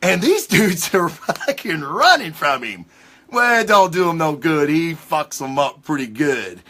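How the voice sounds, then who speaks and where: A man hosting a casual livestream comic book review, talking in an excitable, rambling way with lots of swearing. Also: on the high side, a little slow. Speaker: comic book show host.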